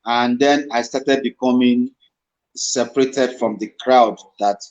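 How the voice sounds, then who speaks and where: This guest actor speaks slowly in a mid-range voice. He's a middle-aged man with a Nigerian accent who spins lively stories in a relaxed interview, dipping into Pidgin, and the lo-fi recording sounds dull.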